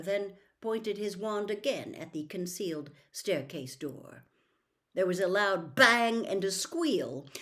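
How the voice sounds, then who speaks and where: A woman reading a novel aloud in a slow, deliberate storytelling manner. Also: mid-range voice, fairly bright tone. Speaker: narrator. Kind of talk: audiobook reading.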